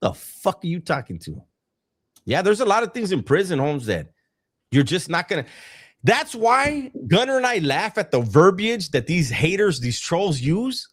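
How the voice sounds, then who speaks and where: A man's voice: high-pitched, very animated, moderate pace. A man, co-hosting a live stream, telling stories in casual chat full of street slang and swearing.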